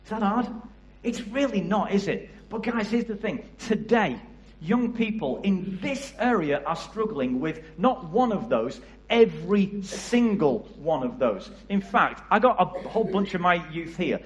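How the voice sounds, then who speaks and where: A man's voice: high voice, sing-song, unhurried, roomy sound, dull audio. A man with a Liverpool area English accent giving a passionate church talk about youth work, often asking the audience questions. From England. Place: church hall.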